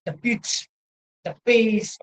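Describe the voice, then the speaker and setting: A man's voice: high-pitched, drawn-out words, poor audio. A male university lecturer with an Indian English accent, giving an online lecture into a laptop mic, rambling and checking in with "right?". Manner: rambling, repeats "you know" and "right?". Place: indoors at a laptop, video lecture. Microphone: laptop microphone.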